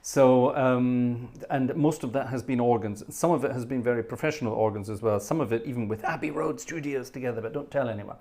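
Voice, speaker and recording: A man's voice: mid-range voice, a little fast, few pauses, warm tone. Chatty man in his fifties, rambling. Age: 50s. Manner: chatty, rambling, with wry asides. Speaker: livestream host and organist. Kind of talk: casual chat reading out viewer messages.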